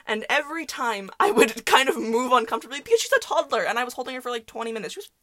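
Her voice is fairly high and fairly bright, swinging widely in pitch as she talks rapid-fire. The young adult podcast host rambles through casual solo stories, filler-heavy and laughing often, on a dry recording.

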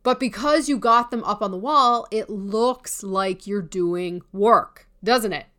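A woman coach speaks slowly in a mid-range, somewhat bright voice, giving a candid, informal promotional talk about building an online course. She swears casually and throws in teasing asides.

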